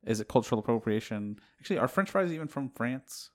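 A man's voice: mid-range voice, lively intonation, fast talker. A man in casual podcast chat, wry and dry-humored, who laughs easily.

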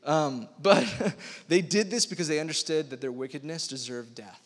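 A young man preaching to a youth group in an energetic, slangy way, bringing the story to life with animated storytelling. His voice sits a little high for a man. The sound carries a long reverb from a large church hall. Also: moderate pace. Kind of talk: casual youth sermon.

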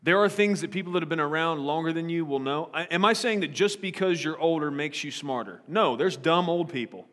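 A man preaches a sermon, switching from scripture reading to loose, joking retellings. His voice sits a little high. Long reverb from the church hall trails each phrase. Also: a little fast, hardly any pauses, a bit bright. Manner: casual, joking asides between scripture reading. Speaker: pastor. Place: church sanctuary.

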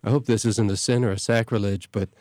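A middle-aged man, a parish priest hosting a show, talking casually in a halting way with many restarts and fillers. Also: on the low side, steady tone, a little mellow, no room sound, clean studio sound. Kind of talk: casual talk.

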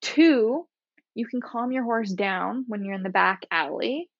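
A woman's voice: fairly high pitch, lively intonation, unhurried, no room sound, dull audio. A woman physiotherapist explaining exercises in a casual, chatty way, laughing often and guiding breathing step by step.

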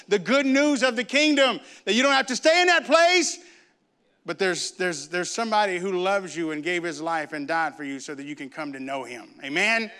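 A man's voice: high-pitched, pushed and bright. A male pastor preaching a fervent sermon, repeating himself and calling for amens from the congregation. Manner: fervent, repetitive call-and-response preaching. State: raises his voice at times.

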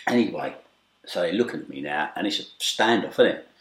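A man's voice: sits low, lively intonation, fairly quick. A middle-aged man telling a story as an interview guest, acting out the voices and swearing casually. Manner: acts out quoted voices, swings from loud shouts to hushed asides; streetwise, swearing, repeated "right?". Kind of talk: animated storytelling. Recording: echoey room.

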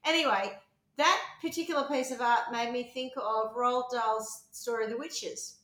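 A woman with a high, bright voice talks in a loose, rambling way and swears casually. The sound is roomy and echoey, as if recorded in an apartment. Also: moderate pace. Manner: chatty, swearing, rambling storytelling. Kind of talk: casual chat. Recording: roomy echo.

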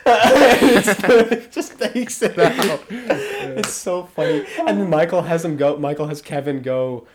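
A man co-hosting a podcast, excitedly retelling favorite sitcom scenes and laughing often. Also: high voice, measured pace, a crowd in the background. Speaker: podcast co-host. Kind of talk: casual chat.

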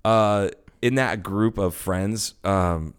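A man's voice: fairly low pitch, slow, smooth. A man co-hosting a podcast in casual chat, swearing freely and laughing often as he tells stories. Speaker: podcast co-host.

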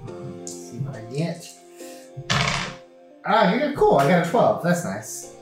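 Wry tabletop player in a roomy sound. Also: male voice, a little high, huge pitch swings, slow, far from the mic, music in the background. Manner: wry, groaning at rolls. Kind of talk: tabletop game play.

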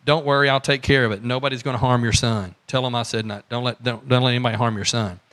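A man voicing a king who softly reassures a worried petitioner. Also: mid-range voice, fairly even intonation, fast, natural voice. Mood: reassuring. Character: reassuring king, calm and promising protection.

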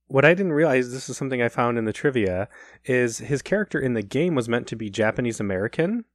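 A man's voice: mid-range voice, lively intonation, fast talker, dry recording, clean studio sound. A man co-hosting a casual podcast, rambling and joking with swearing about movies. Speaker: podcast co-host.

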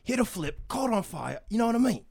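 A man doing an impression of a tough action-film star, loud and rambling. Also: high voice, very animated, brisk, vocal fry, slightly rough, voice pushed up, full character voice. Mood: boastful.

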